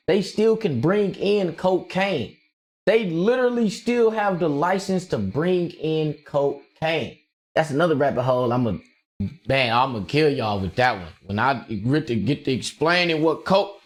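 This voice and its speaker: A male streamer rambles through a casual livestream rant, jumping between thoughts and reacting to his chat. His voice sits a touch on the high side, and his loose, slangy delivery is full of quick laughs and energy.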